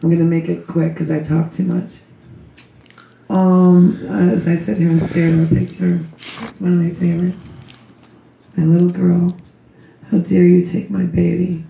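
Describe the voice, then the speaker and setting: A middle-aged woman with a loud, gravelly voice delivers a slow memorial tribute. Her tone is dark and earnest, and she slips into rambling asides. She is picked up from far off in an echoey hall, and the recording sounds dull. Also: lowish voice, little pitch movement, slight background noise. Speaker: grieving mother giving a memorial tribute. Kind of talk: memorial tribute speech and poem recital. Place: memorial gathering in a large room.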